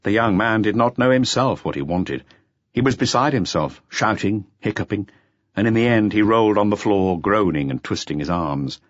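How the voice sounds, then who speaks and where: Low-voiced man narrating a crime audiobook. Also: lively intonation, normal speed, no room sound. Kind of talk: scripted narration. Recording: slightly dull lo-fi audiobook recording.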